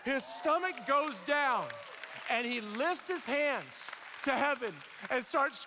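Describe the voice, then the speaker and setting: A young man preaching a sermon, telling a personal testimony with animated storytelling, acting out voices and shouting at the high points. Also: measured pace, vocal fry, long reverb tail.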